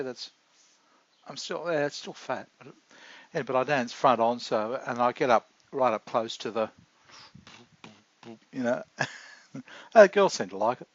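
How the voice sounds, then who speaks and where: A man talks through a rambling video diary, halting and confessional as he stops and restarts his thoughts. His voice sits at an ordinary middle pitch. The recording is dull and lo-fi, with a dry sound and no room echo. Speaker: vlogger.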